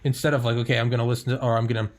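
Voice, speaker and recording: A man's voice: mid-range voice, flat delivery, very fast. A young man hosting a casual podcast chat, talking candidly, swearing freely and acting out his own thoughts. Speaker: podcast host.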